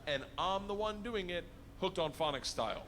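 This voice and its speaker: Male stand-up storyteller, very animated delivery, audible background noise. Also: high voice, normal speed. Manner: animated, shouts punchlines, voices other people. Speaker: stand-up comedian.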